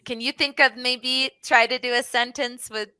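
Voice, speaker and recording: Woman, online English tutor, clear bright tone, dry close sound, patient, full of examples. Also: on the high side, fairly even intonation, normal speed, no room sound, rough recording. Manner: patient, explains with many examples and fillers like "like" and "mm-hmm". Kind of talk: online one-to-one English lesson.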